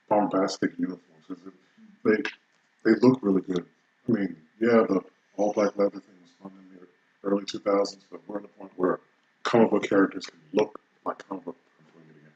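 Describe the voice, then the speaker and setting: A man's voice: fairly low pitch, moderate pace, a little mellow, dull audio. A man co-hosting a casual movie review chat, rambling and restarting his sentences. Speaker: podcast co-host.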